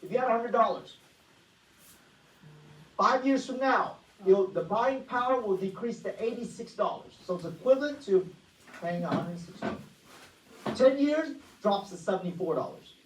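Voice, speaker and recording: A woman giving an energetic money-management workshop presentation, often asking the audience rhetorical questions. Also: medium pitch, moderate pace, a little hiss or hum. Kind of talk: motivational presentation. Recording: echoey room, voice far from mic.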